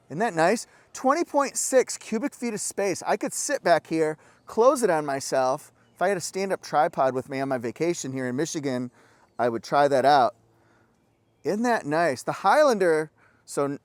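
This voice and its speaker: A man's voice: high-pitched, no echo. A man giving an enthusiastic, chatty car walkaround review outdoors, breaking into little exclamations.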